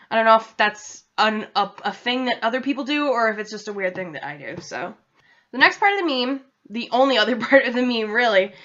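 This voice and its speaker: A woman's voice: a little high, a bit bright. A young woman from central Massachusetts with a New England accent, chatting and rambling casually to her laptop camera in a self-deprecating way. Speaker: vlogger. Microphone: laptop webcam. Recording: dull lo-fi laptop audio.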